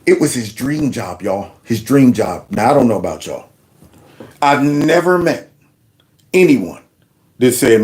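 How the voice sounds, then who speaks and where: A man's voice: medium pitch, a little slow, pauses often. A man hosting his channel, giving mocking reaction commentary on news clips. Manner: mocking, laughing, animated. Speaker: channel host.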